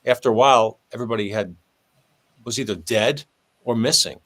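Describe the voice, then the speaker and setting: A man's voice: medium pitch, brisk. A man, a former police sergeant, telling a long story in conversation and acting out the voices of the people in it. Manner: animated, acts out dialogue with shifting voice.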